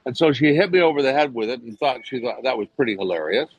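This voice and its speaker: An older man from England tells his showbiz stories with animated energy, switching into other people's voices as he quotes them. His middle-pitched voice comes through dry and slightly dull, like remote interview audio. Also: fast talker, no echo. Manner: animated storyteller, jumps to high voices when quoting others. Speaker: actor guest. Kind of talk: casual anecdote telling.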